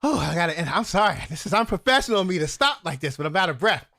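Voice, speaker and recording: A man hosting a casual live talk show, loud and excitable, laughing often. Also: high voice, rapid-fire, gravelly.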